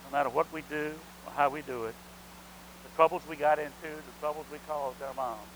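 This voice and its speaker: A man's voice: fairly high pitch, fairly even intonation, fairly quick, fairly bright tone, slight background noise, rough recording. A middle-aged man preaching a sermon, asking the congregation rhetorical questions and calling for amens. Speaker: pastor.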